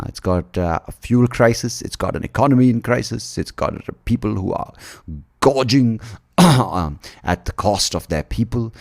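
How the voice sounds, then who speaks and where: A man's voice: lowish voice, vocal fry, darkish tone. A man from India hosting a podcast, riffing through an irreverent, rambling comic monologue. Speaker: podcast host. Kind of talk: comedic monologue.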